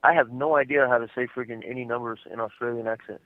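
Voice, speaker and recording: A man's voice: medium pitch, steady tone, fast talker. A man chatting casually and joking on a call from prison, laughing often and using lots of fillers. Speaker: podcast co-host calling from prison. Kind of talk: casual chat on a phone call. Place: prison day room phone. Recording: dull lo-fi phone line.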